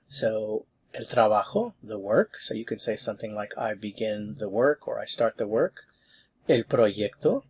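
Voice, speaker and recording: A man's voice: mid-range voice, husky. A man teaching a Spanish grammar lesson online, explaining verb forms patiently and encouragingly.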